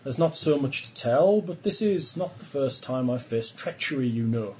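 A man voicing a boastful male expedition captain who addresses the press in a smooth, self-satisfied way. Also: mid-range voice, expressive, normal speed, warm tone, a little hiss or hum, lightly acted. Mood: smug.

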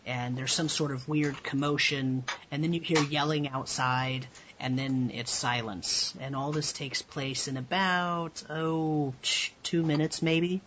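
A man's voice: mid-range voice, slight background noise. Laid-back man running a tabletop game. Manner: relaxed, chuckling, rambling narration. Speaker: game master. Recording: dull lo-fi voice call audio.

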